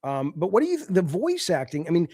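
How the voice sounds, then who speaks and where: A man's voice: on the high side, wildly swooping pitch, fast talker, warm tone, dry recording, studio quality. A man co-hosting a podcast in casual chat, ranting animatedly with lots of swearing. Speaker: podcast co-host.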